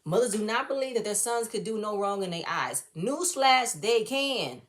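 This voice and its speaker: A woman's voice: medium pitch, expressive, normal speed. Blunt, fired-up woman recapping a show. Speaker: reality show reviewer. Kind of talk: casual opinionated recap.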